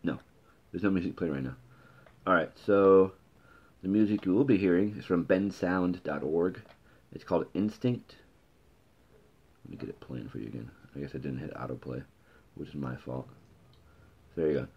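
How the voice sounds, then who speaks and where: A man's voice: low-pitched, moderate pace, long pauses, slightly rough, muffled recording. A man hosting a casual podcast, reading comic book dialogue aloud with many fillers and self-corrections. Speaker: podcast host.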